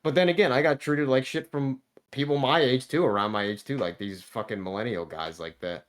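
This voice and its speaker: A man's voice: mid-range voice, brisk. A man in his thirties telling a work story in casual podcast chat, laid-back, swearing constantly and restarting his sentences. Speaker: podcast guest.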